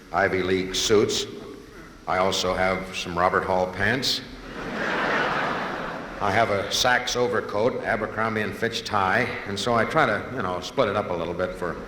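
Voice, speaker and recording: A man's voice: deep voice, steady tone, normal speed, pauses often. A man doing rambling, improvised stand-up comedy, drifting playfully between topics. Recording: old live recording, echoey hall, loud hiss.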